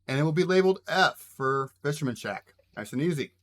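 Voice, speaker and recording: A man's voice: fairly high pitch, expressive, brisk, fairly bright tone. A man running a tabletop game as game master, narrating casually with frequent fillers.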